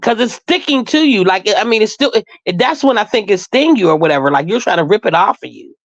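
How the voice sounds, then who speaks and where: A woman tells a story in a casual live-stream chat, frank and profane, laughing often. Her voice is mid-pitched and close, with a dry sound. The audio comes through dull and lo-fi. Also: animated, quick pace, dry recording. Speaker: co-host.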